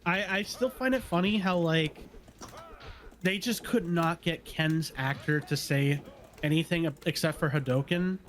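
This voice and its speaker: A man's voice: on the high side, measured pace. A man casually chatting with friends during a fighting game stream, meandering with ums and likes. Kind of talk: casual chat.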